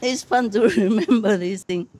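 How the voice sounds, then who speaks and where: Her voice is mid-range, husky and dark in tone, at a normal speed. This older woman is a spiritual teacher chatting casually with disciples at a meal gathering, recounting a personal story with frequent laughter and many fillers.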